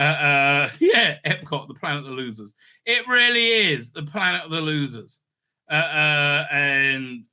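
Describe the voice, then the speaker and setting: A man's voice: a little high, bright, forceful tone. A man hosting a casual, sardonic episode recap, rambling with many fillers and restarts. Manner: sardonic, mocking. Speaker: host.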